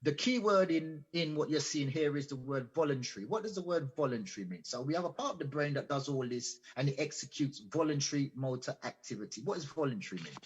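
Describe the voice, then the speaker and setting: A man's voice: on the high side, lively intonation, fast, hardly any pauses, breathy edge. A man giving an earnest, explanatory guest talk on a radio show, often repeating and restarting words. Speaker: invited guest speaker. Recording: dull lo-fi audio.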